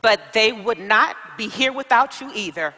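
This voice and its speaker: A woman plays a check-in agent at an airline counter, her voice high and full of exclamations. She coaxes and preaches encouragement in a motivational comedy skit, and a long reverb hangs behind her. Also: animated, normal speed, sharp tone. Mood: preachy.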